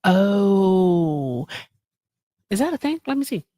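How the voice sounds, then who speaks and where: A woman's voice: medium pitch, very animated, takes it slowly, no room sound. Chatty woman livestream host, dry sound. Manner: chatty, reads chat aloud with shout-outs. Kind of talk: casual live stream chat.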